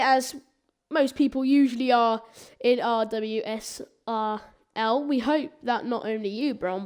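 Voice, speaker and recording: A fairly high-pitched woman calls a live online racing session with loose, rambling chatter. She trips over words and corrects herself as she goes, keeping a casual streamer feel. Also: a little mellow, clear, resonant tone. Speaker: sim racing commentator. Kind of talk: live esports race commentary.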